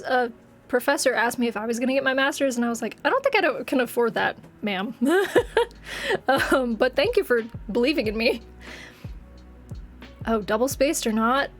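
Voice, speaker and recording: A woman in her late twenties streaming games, chatting casually and rambling with viewers, laughing often, with a slightly congested, phlegmy throat. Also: fairly high pitch. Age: late 20s. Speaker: game streamer.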